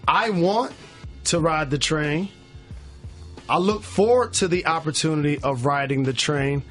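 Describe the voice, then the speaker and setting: A man's voice: on the high side, unhurried, fairly bright tone, soft background music. Easygoing male podcast host. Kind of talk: casual podcast banter.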